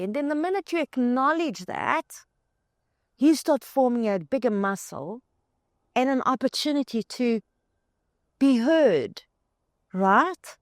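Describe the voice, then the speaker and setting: A woman's voice: high voice, lively intonation, takes it slowly, long pauses, no echo, studio quality. A woman hosting a motivational spiritual talk, speaking straight to the listener and repeating words in long emphatic strings. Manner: addresses the listener directly as "you". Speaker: host.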